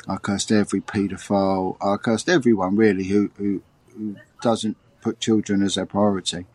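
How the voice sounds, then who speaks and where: A middle-aged man, a former detective telling a personal story in an interview, halting and repeating his words. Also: on the low side, a little mellow, no room sound. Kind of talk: emotional personal testimony.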